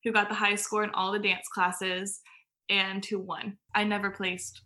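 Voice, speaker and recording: A woman's voice: medium pitch, level tone, moderate pace, bright, forceful tone. A woman guest on a podcast, telling stories in casual chat, full of "like" fillers and laughing as she goes. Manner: chatty, filler-heavy storytelling with frequent laughs.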